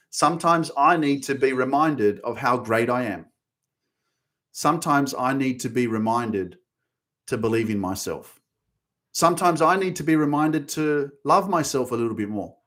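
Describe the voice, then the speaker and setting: A man's voice: medium pitch, a bit bright. A man in his thirties hosting a motivational podcast, talking passionately and with emphasis, cursing freely and repeating phrases to drive points home. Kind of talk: motivational monologue.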